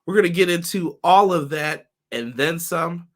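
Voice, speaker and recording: Guy hosting a live podcast, a bit hoarse, upbeat, shouting out chat folks. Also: fairly high pitch, moderate pace. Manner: upbeat, greets chat viewers by name. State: slightly hoarse voice. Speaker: podcast host. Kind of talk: casual livestream chat.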